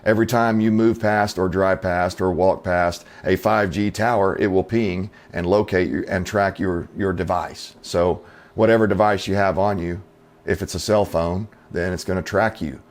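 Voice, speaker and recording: Middle-aged guy ranting on his channel, lowish voice, folksy and skeptical, lots of uh and you know. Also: steady tone, normal speed. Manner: folksy, skeptical, rhetorical asides with fillers. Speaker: channel host. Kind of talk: opinionated commentary to camera.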